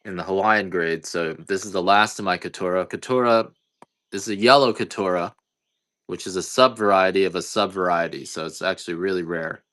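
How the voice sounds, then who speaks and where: This coffee seller's voice is deep, steady and a bit bright, and he moves along briskly. On his casual livestream sale he rambles and jokes, often poking fun at himself.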